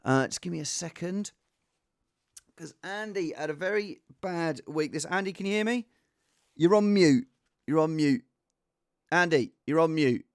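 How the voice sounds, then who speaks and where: A man hosts a casual show, rambling along in an animated, self-mocking way. His fairly high voice swings up and down constantly. The sound is dry and close-miked. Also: measured pace, pauses often, clean tone, no echo. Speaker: host. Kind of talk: casual chat about fantasy football.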